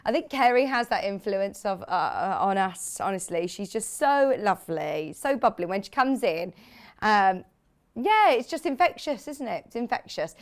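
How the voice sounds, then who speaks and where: Woman, shopping channel presenter, live studio sales patter, enthusiastic, jokey. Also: medium pitch. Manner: chatty, enthusiastic, jokey with crew.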